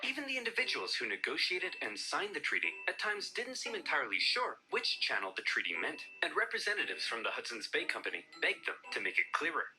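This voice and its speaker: A man narrating comedic history with a wry, theatrical delivery. His voice swings wildly between high and low, and lively music plays underneath. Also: low-quality recording.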